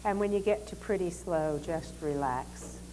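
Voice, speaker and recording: A woman leading a lecture demonstration, giving calm, polite directions to dancers and explaining as she goes. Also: fairly low pitch, a little slow, a little hiss or hum. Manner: calm, instructive, polite commands.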